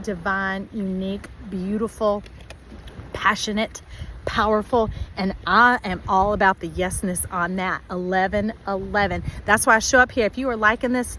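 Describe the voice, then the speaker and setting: Animated woman giving a tarot reading. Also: medium pitch, a little hiss or hum, low-quality recording. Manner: animated, acts out viewers' voices. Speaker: tarot reader.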